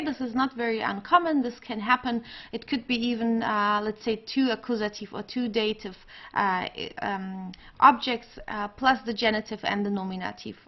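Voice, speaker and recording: A woman's voice: on the high side, highs cut off. A woman teaching an online language grammar lesson, explaining patiently with frequent fillers and restarts. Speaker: German teacher.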